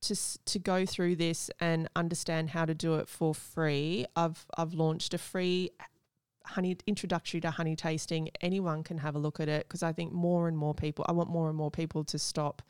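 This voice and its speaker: A woman's voice: sits low, flat delivery, normal speed, darkish tone, clear, resonant tone, no echo, studio quality. A young adult woman, a honey taster, talking enthusiastically and descriptively in a casual podcast conversation. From Australia.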